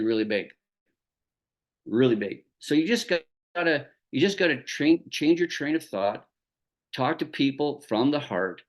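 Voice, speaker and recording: A man from Canada talking through his business in a relaxed, folksy way. His pitch moves a lot, rising and dipping as he acts out back-and-forth conversations. It comes across like a friendly training talk to his team. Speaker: network marketing business trainer. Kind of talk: casual motivational talk with storytelling.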